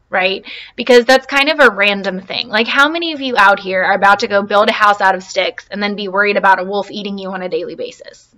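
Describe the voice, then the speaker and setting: A woman teaching a reading lesson online from her laptop, talking in a chatty and encouraging way. Her voice is bright and crisp, at a middle pitch. She often pauses to check in with her students. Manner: chatty and encouraging, full of fillers and questions.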